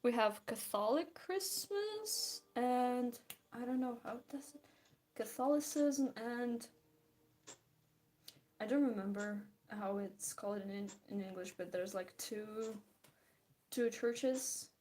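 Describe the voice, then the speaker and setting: A young woman chats casually while she draws, sounding tired. Her voice sits a little high, and she talks slowly, rambling, giggling and trailing off mid-thought. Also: darkish tone, a little hiss or hum. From Belarus. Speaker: streamer. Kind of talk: casual chat while drawing.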